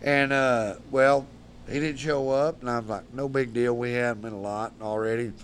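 A man's voice: medium pitch, fairly even intonation, moderate pace, slight background noise. A man, a podcast guest telling rowdy, profane stories and laughing as he goes. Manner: profane, laughs mid-story. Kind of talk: rowdy storytelling.

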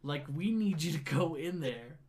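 A man's voice: a little high, animated, moderate pace, a little mellow. A man casually retelling a wild night to a friend, swearing a lot and acting out quoted dialogue. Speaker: storyteller. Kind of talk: casual storytelling chat.

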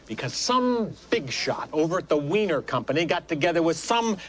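A furious middle-aged film character who rants with biting sarcasm. His voice sits high and leaps up and down as his indignation builds. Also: very animated, moderate pace, fairly bright tone. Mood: indignant. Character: furious middle-aged man ranting over hot dog buns.

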